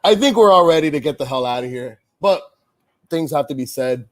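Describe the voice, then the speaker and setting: Male sports host, fed up, rambling rant, slightly high voice. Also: lively intonation, brisk. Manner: frustrated, swearing, rambling with restarts. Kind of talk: casual pregame-style sports chat, venting.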